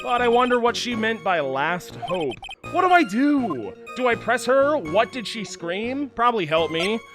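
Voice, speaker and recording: A man doing casual let's-play commentary, cracking sarcastic jokes between lines of dialogue. His voice moves through a lively pitch range. Game music plays clearly behind him. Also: a little slow. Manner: joking, crude, sarcastic asides. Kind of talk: casual gameplay commentary and reading.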